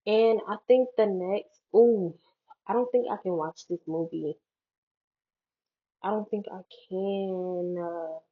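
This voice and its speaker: A young woman vlogs in a rambling, jokey casual chat, packed with fillers and self-mocking asides. She's recorded on a tinny, low-quality headphone mic.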